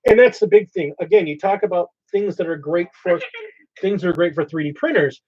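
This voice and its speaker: A man's voice: sits high, brisk, husky. Man hosting a rambling hobby chat. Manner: meandering, thinks aloud while explaining plans. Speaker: hobby channel host. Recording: slightly dull lo-fi audio.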